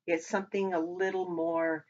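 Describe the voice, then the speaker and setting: A woman teaching a language lesson who talks while she writes, pausing and correcting herself as she goes. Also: fairly low pitch, flat delivery. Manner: talks while writing, with pauses and self-corrections. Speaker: Hebrew teacher. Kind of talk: slow, patient lesson at a whiteboard. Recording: dull lo-fi recording.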